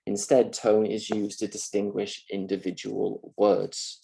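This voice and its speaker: Male university lecturer, husky and low, explains casually with fillers. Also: completely flat delivery, measured pace, warm tone, low-quality recording. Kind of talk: mock lecture.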